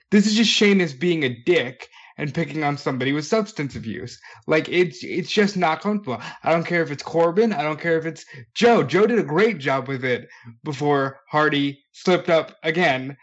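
A man's voice: a little high, normal speed. A man talking casually as a podcast co-host, blunt and emphatic with an exasperated tone. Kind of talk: casual wrestling chat. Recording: dull lo-fi sound.

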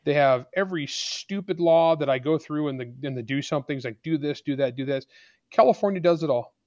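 A man's voice: on the high side, a little fast, darkish tone, dry recording, muffled recording. A man speaking as an author and guest on a podcast interview, arguing his points bluntly and with emphasis.

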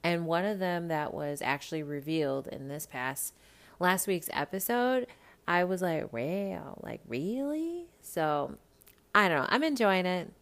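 A woman hosting a podcast in casual chat, animated and profane, talking straight to her listeners about reality TV. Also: lowish voice, normal speed. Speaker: podcast host.

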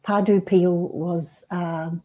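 A woman in her fifties from Northern Ireland, a guest on an interview show, talking earnestly and gently with frequent restarts and soft laughs. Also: on the low side, steady tone, extremely slow, narrow, tinny audio. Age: 50s. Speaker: guest, spiritual author. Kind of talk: conversational interview.

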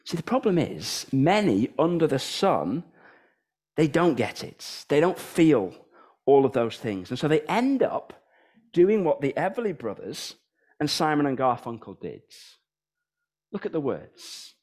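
A British man in his thirties preaches in a church, his voice swinging widely up and down as he builds his points. He sits a little high for a man and keeps firing rhetorical questions at the congregation. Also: measured pace. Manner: animated, rhetorical questions, sings snatches of songs. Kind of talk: sermon.

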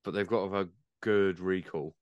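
A man with a low, smooth, resonant voice chats casually on a pub-style podcast. He swears freely and restarts his sentences as he goes. The sound is dry and close. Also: fairly even intonation, brisk, no echo, dull audio. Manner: chatty, swears, trails off and restarts. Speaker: podcast host.

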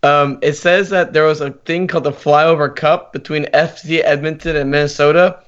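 A man asking questions in a casual sports podcast, halting with fillers. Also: on the high side, steady tone, fairly bright tone, smooth, muffled recording. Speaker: podcast co-host.

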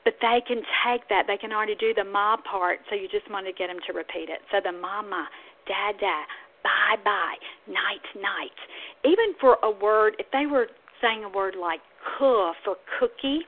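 A woman's voice: medium pitch, expressive, fairly quick, hardly any pauses. A woman speech-language pathologist hosting an instructional podcast, explaining patiently and acting out toddler sounds now and then. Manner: warm, explanatory, models toddler sounds in a sing-song way. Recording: phone-like narrow audio.

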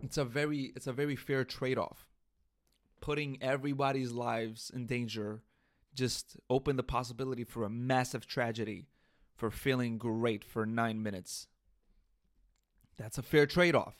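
Speaking at a moderate pace in a level, medium-pitched voice, a young male podcast host rants comedically and casually, swearing and laughing at himself. A studio mic through an audio interface captures him.

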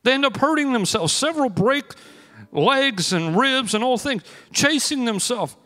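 A man's voice: very high-pitched, normal speed. Preaching man in an echoing church. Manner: energetic, storytelling preacher with rising emphatic bursts. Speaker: pastor. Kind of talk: sermon. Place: church sanctuary. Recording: long hall reverb with faint music.

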